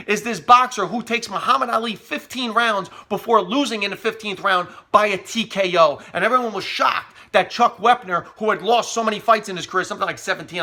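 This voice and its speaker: Man, high voice, bright tone, sarcastic comedic rant, middle-aged. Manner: sarcastic, animated, mock quotes. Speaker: commentator. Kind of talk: humorous rant.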